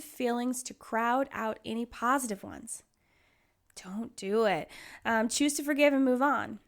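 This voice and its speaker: A young woman talks through advice on her solo podcast, chatty and earnest, circling back to repeat her key points. Her voice sits a little high and often drops into a gravelly fry at the ends of phrases. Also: unhurried. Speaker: podcast host.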